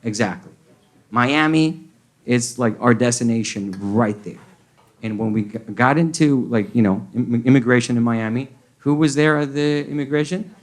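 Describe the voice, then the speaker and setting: A stand-up comedian from Colombia speaks at normal speed in a medium-pitched voice with his Colombian accent. Before a comedy club crowd, his set blends English and Spanish as he acts out the people he's describing.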